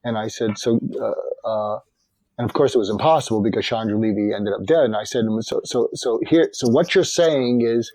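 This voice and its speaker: A man's voice: fairly low pitch, warm tone, no echo, rough recording. An older man, a psychiatrist and author, telling anecdotes as a guest in an interview. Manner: measured anecdotal storytelling. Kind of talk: storytelling in an interview.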